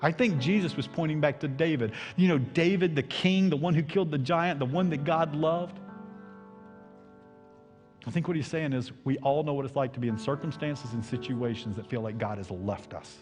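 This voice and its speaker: Middle-aged Southern preacher, man, higher-pitched voice, impassioned sermon with hushed dips, echoing sanctuary. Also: moderate pace. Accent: Southern American. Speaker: pastor. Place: church sanctuary. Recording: long hall reverb, faint music.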